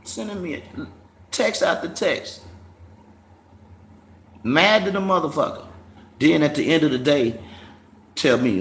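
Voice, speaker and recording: A man's voice: on the high side, a little slow, pauses often, fairly bright tone. A man hosting a casual livestream, profane and mocking, laughing often. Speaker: livestream host. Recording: echoey room, faint background noise.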